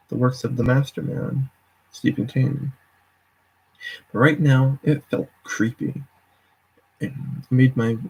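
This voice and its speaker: Gravelly male reader, husky and dark. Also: medium pitch, rough recording. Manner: stumbles and corrects himself often. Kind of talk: casual live story reading.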